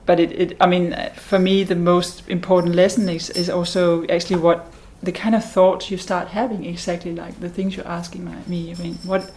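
A woman's voice: on the low side, little pitch movement, normal speed, hardly any pauses, darkish tone, a little hiss or hum, rough recording. A woman artist answering interview questions, thoughtful and hesitant, restarting her phrases. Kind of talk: casual interview.

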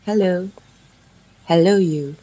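A woman performance artist from France, speaking in slow, repetitive, incantatory phrases as part of an improvised radio performance. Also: lowish voice, warm tone, low-quality recording.

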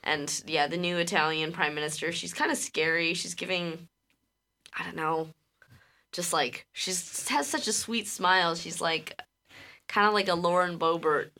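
A woman co-hosting a podcast in casual chat, rambling and quick to laugh, with some casual swearing. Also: on the low side, sharp tone. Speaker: podcast co-host.

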